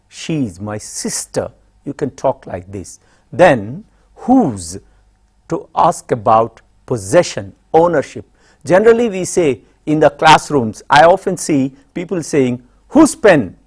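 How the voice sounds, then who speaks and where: Slow Indian English teacher, lively pitch. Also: male voice, slightly rough. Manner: slow, deliberate, repeats example questions and answers. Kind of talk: classroom grammar lesson.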